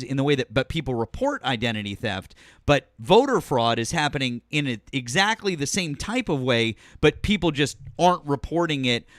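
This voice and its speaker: A man's voice: a little high, a bit bright, dry recording, clean studio sound. A man hosting a live call-in debate show, talking over his caller in a mocking, condescending way. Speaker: host.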